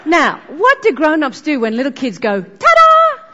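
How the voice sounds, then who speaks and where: An exuberant woman working a crowd as a motivational speaker. Her voice is high and swings wildly in pitch, heard through a muffled, echoey hall recording with music faint underneath. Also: big pitch swings, moderate pace, background noise. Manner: exuberant, shouts ta-da. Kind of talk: energetic stage keynote.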